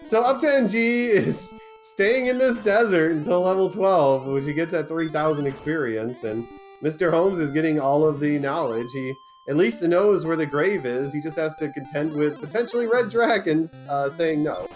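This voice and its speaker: A man's voice: fairly high pitch, moderate pace, faint music behind. A man doing color commentary at a video game tournament, joking and laid-back.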